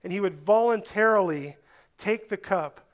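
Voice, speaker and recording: A man preaching a sermon, earnest and deliberate, rising to stress some words and dropping low on others. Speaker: pastor.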